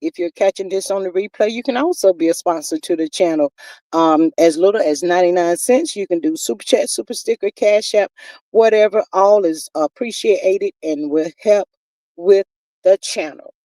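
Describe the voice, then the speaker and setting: A woman's voice: on the low side, normal speed, no echo, rough recording. A woman hosting a casual livestream, reading out chat comments with sass, calling people honey and child, a little stuffy from her sinuses. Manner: sassy, animated, drawls terms like honey and child. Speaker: livestream host.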